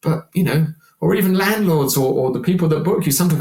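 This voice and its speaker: A man in his sixties, a singer guesting on a podcast, talking in an animated, chatty way and often repeating words. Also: fairly high pitch, quick pace. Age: 60s. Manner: animated, chatty, repeats words while acting out quoted voices. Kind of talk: casual podcast conversation. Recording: roomy echo.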